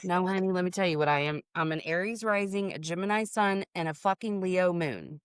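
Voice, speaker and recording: Frank woman podcast guest, smooth clear voice, dry close sound, swears freely. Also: fairly low pitch, a little fast, no room sound. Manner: frank, swears freely, calls people honey. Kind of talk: casual chat.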